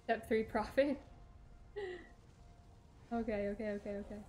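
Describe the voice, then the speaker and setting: A woman's voice: mid-range voice, steady tone, a little slow, a little mellow, slight background noise. A young woman streaming a video game, talking to herself with chatty, dramatic exclamations. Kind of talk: let's play commentary.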